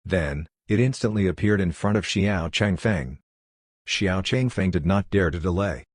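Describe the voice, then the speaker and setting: A man reading a fantasy audiobook as narrator in a steady, even storytelling delivery. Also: sits low, a little slow, dry recording, studio quality. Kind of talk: scripted narration.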